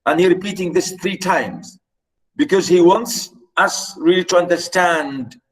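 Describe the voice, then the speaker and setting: Slow, explaining male literature lecturer. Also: high-pitched, low-quality recording. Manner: explanatory, repeats points, many "you know" fillers. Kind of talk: lecture reading and explaining a novel.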